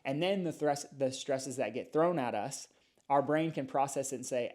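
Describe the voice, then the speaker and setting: Animated middle-aged man telling stories. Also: medium pitch, moderate pace. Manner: animated storytelling, lively explanations. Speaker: chiropractor guest. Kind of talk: casual podcast interview.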